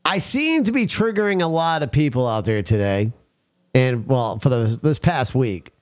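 A male talk show host riffs and rants in a blunt, crude voice at a middle pitch. He keeps calling out to his listeners as folks while he banters with his co-hosts. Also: very animated, normal speed, smooth. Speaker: podcast host.

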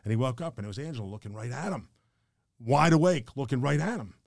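An older man, a podcast guest telling stories quickly, acting out the dialogue. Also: mid-range voice, vocal fry, dry recording, studio quality. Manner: fast, animated storyteller who acts out quoted dialogue. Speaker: podcast guest, financial advisor. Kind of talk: emotional storytelling in conversation.

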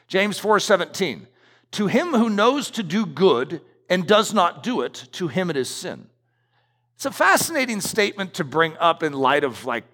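A middle-aged pastor preaches a sermon in a church sanctuary, his high voice gravelly and fairly bright. He is emphatic and repetitive, driving his points home. Church hall reverb fills the recording.

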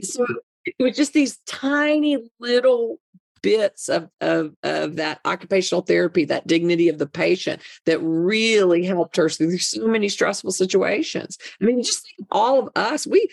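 A woman's voice: mid-range voice, lively intonation, normal speed, vocal fry, no room sound, clean studio sound. A middle-aged woman speaking earnestly in an interview, emphatic and often repeating words as she tells a personal story. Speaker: guest, mother and advocate. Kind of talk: conversational interview.

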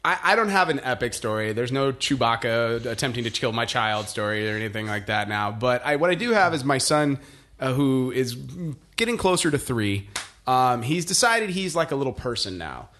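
A man's voice: medium pitch, animated, moderate pace, a bit bright. A man in his thirties in casual chat, rambling through stories with frequent swearing and laughter. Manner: rambling storyteller, swears freely, laughs often.

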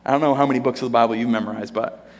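A man's voice: medium pitch, steady tone, racing. A man preaching a sermon, telling the story with animation and acting out the characters in voices. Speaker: pastor. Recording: long reverb of a large hall.

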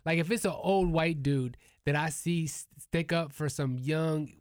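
A man hosting a casual podcast, telling stories in an animated way and laughing as he talks. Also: a little high, a little slow, dry recording, studio quality. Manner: animated storytelling, laughs while talking. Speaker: podcast host.

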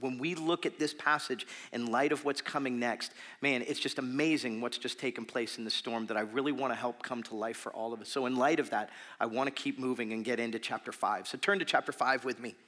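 A man in his thirties preaching a sermon in a church, telling a story with lively fillers and turning softer and earnest. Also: medium pitch, a little fast, hardly any pauses. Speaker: pastor.

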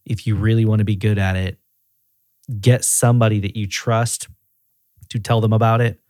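A man who directs a group of auto repair shops, talking as a guest in a casual podcast conversation. He speaks in a relaxed, conversational way. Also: lowish voice, normal speed, dry recording, studio quality. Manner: relaxed and conversational, often acting out quoted voices.

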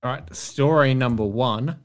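A man's voice: mid-range voice, a little slow. Dry man reading out quiz items. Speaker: podcast co-host presenting a quiz segment. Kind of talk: casual chat.

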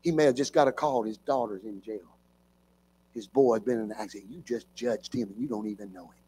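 A man quoting a calm, reproachful divine spirit in the middle of a sermon, lowering his voice. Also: fairly quick, breathy edge. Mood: rebuking. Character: gentle, rebuking male divine spirit.

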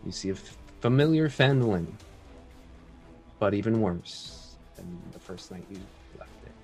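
A man's voice: on the low side, animated, a little mellow. Man, dungeon master, tabletop game narration, descriptive, faint background music. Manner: slow descriptive narration, upbeat when chatting.

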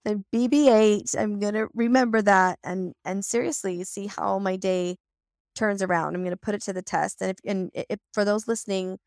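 Scratchy-voiced woman hosting with effusive warmth. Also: mid-range voice, steady tone, normal speed, no room sound, clean studio sound. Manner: effusive, grateful, restarts mid-sentence. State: scratchy voice while recovering. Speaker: podcast host. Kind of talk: casual interview chat.

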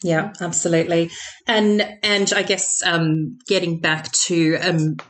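A woman's voice: fairly low pitch, flat delivery, unhurried, fairly bright tone. A woman, a podcast guest answering reflectively with many "um"s and "you know"s. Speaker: podcast guest, business owner. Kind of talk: conversational interview answers.

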